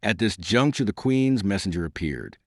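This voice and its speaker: Low, expressive male audiobook narrator. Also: no room sound, studio quality. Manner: expressive, measured storytelling. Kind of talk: scripted narration.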